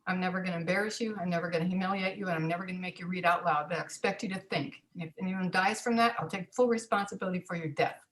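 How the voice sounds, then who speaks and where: A woman's voice: lowish voice, steady tone, fast, few pauses, low-quality recording. Woman, 60s, former teacher as guest; storyteller who animates the quoted dialogue. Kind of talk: personal storytelling.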